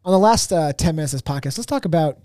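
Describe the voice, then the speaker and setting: A man hosting a podcast in casual chat, loud and opinionated, ranting about things he dislikes. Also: on the high side, animated, very fast, dry recording, clean studio sound. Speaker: podcast host.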